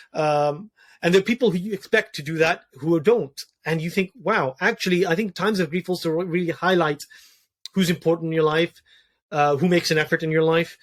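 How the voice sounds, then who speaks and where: A man in his thirties talking earnestly about personal grief in a conversation, often restarting and repeating words. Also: on the high side. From Wales. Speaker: podcast guest, doctor.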